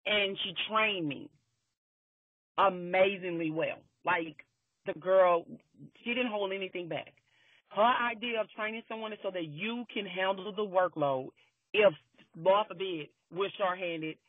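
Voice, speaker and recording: A man's voice: high voice, unhurried, no echo. A man telling a workplace story in casual chat, emphatic and swearing freely, often repeating his phrases. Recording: tinny phone-like line.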